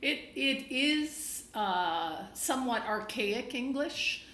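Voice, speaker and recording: A woman's voice: a little high, lively intonation, slow, a bit bright. Canadian woman in an echoey room. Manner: thoughtful, explains at length with many fillers. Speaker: stage director. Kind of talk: interview answers.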